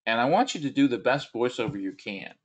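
A man's voice: mid-range voice, expressive, fairly quick. A male instructor giving a recorded course lecture, talking in a conversational, encouraging way with frequent fillers and restarts.

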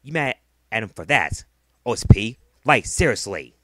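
A man's voice: on the low side, sing-song, normal speed, no echo. A man delivering a heated, profane vlog rant, often repeating himself. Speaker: vlogger. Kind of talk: angry ranting vlog.

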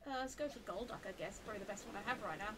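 A woman giving chatty live commentary while she plays a video game, talking to the game and rising into flustered high squeals. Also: very fast, background noise. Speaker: game streamer.

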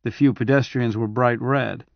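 A man reading a science fiction novel aloud in steady, measured scripted narration. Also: mid-range voice, vocal fry, no room sound, dull audio. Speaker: audiobook narrator.

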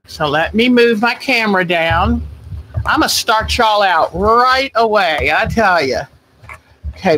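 A woman's voice: medium pitch, a bit bright, a little hiss or hum, rough recording. A woman hosting a quilting live stream, chatting casually and greeting viewers by name with rambling asides.

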